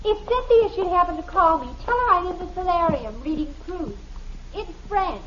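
A woman's voice: very high-pitched, lively intonation, moderate pace, slight background noise. A woman playing a status-conscious, dramatic teenage daughter who puts on airs, in a 1950s radio sitcom. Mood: fretful. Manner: affected, putting on airs, theatrical. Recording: dull lo-fi old radio recording.

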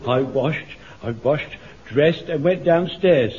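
A fretful old shopkeeper in the ranks, high-voiced, eager and stammering, forever repeating his "yes, sir". The lo-fi radio sound is dull and muffled. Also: slow, a little mellow, slightly rough, heavily acted. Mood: flustered. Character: elderly flustered male shopkeeper soldier. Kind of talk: radio sitcom acting.

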